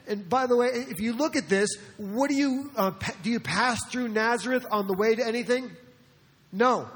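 A man from New Jersey preaches with a high, light voice, chatting his way through the sermon and slipping in jokes. The sound carries a long reverb from the sanctuary. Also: expressive, normal speed. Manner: conversational, joking asides, acts out quotes. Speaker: pastor.

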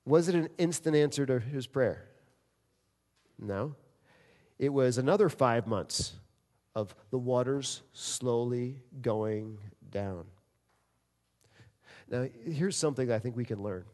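Animated preacher in a reverberant hall. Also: male voice, mid-range voice, slow pace, long pauses. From New Jersey. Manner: animated preacher, acts out quoted prayers, jokes with congregation. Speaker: pastor. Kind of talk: sermon. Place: church sanctuary. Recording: long reverb in a large hall.

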